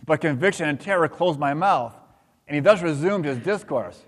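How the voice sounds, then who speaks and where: A man's voice: fairly high pitch, animated, moderate pace. A man reading a dramatic account aloud during a sermon, in a solemn and dramatic manner. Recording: long hall reverb.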